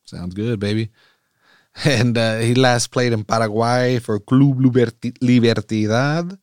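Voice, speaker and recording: A man's voice: medium pitch, fairly even intonation, slow pace, darkish tone, smooth, dry recording, studio quality. A man hosting a soccer podcast in casual, profane, rambling talk that wanders off on tangents. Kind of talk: casual chat.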